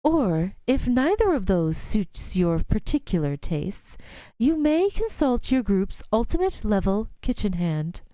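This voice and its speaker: A woman voicing a courteous announcement over overhead speakers, measured and formal, in a game playthrough. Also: medium pitch, very animated, mellow, no room sound.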